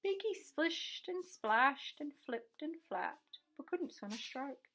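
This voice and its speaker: A preschool teacher reading a picture book aloud to children in an expressive, animated way. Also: female voice, high voice, slow pace. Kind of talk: storybook read-aloud.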